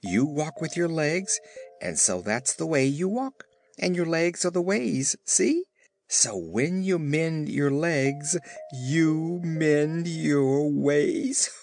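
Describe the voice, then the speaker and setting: A man's voice: fairly high pitch, very animated, measured pace, gravelly, pitched above the performer's own voice, heavily acted. A man voicing a proud, joke-cracking young male Horner in a gleeful, boastful manner.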